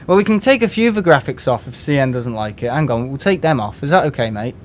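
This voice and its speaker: A man's voice: mid-range voice, expressive, fast, a little hiss or hum. A man from England chatting casually and rambling on a live game stream from home, with lots of restarts and fillers.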